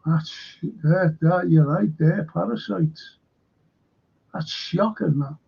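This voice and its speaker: Gravelly, husky-voiced indignant ranting man. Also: on the high side, slow pace, darkish tone, muffled recording. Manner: rambling, indignant, swearing, reads viewer comments aloud. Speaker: show host. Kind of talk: casual livestream rant.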